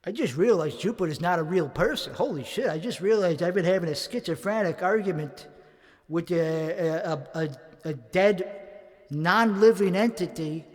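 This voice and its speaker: A man's voice: high-pitched, normal speed, a little mellow. A man from Chicago, rambling and swearing through a mock-angry monologue between karaoke songs, contradicting himself as he goes. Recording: long reverb with faint music behind.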